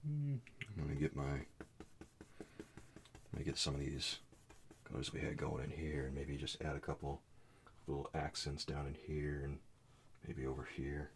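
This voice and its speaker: A man giving a soft-spoken oil painting lesson, muttering asides as he works. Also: a bass voice, moderate pace, pauses often, slight background noise. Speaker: art teacher.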